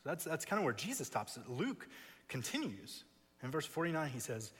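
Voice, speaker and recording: Male preacher, husky mid-range voice, emphatic expository sermon, long chapel reverb. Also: fairly high pitch, big pitch swings, normal speed, fairly bright tone. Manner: emphatic, builds with repeated phrases. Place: seminary chapel.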